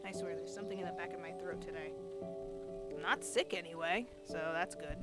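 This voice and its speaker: A woman hosting a let's play, chatting casually in an animated way about the game. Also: on the low side, brisk, loud music behind the voice. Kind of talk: casual gameplay commentary.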